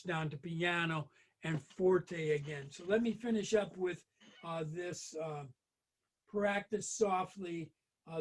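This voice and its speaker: High-voiced man leading a brass lesson. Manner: chatty, hesitant, many ums and restarts. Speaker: group brass lesson leader. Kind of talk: casual spoken music lesson.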